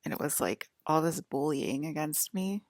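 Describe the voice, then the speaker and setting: A woman vlogger talking in a rambling personal monologue, meandering and full of fillers, often soft-spoken. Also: low-pitched, expressive, moderate pace, dry recording, studio quality.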